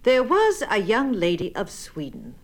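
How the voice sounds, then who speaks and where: A woman reading limericks aloud in a slow, deliberate recitation. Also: medium pitch, huge pitch swings. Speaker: poetry reader.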